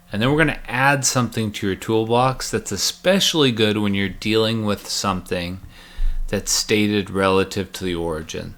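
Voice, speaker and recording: A man's voice: on the low side, a bit bright. A man teaching a recorded math lecture, chatty and joking as he walks through each step aloud.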